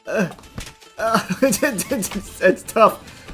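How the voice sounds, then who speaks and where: A man giving live gameplay commentary, excitable, yelling, cursing and laughing in bursts. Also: fairly high pitch, a little slow, pauses often, soft background music. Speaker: gaming commentator.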